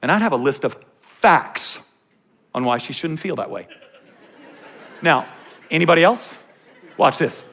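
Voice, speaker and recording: Male pastor with a high, raspy-edged voice, preaching and swinging between hush and shout, joking asides. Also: lively intonation, unhurried, pauses often. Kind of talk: sermon to a congregation.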